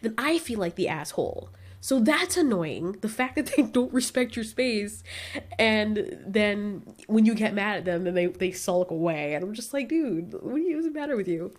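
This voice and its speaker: A young woman in casual chat, telling lively stories and acting out what people said, often breaking into laughs. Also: medium pitch, moderate pace. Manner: animated storytelling, acts out quotes with laughs. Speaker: vlogger.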